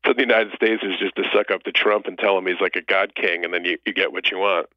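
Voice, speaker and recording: A man on a call-in line who riffs excitedly and sardonically in casual chat. His voice sits a little low. The sound is muffled and lo-fi, dry, with no room around him. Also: fast talker, no room sound. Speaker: podcast guest on the phone. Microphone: phone call.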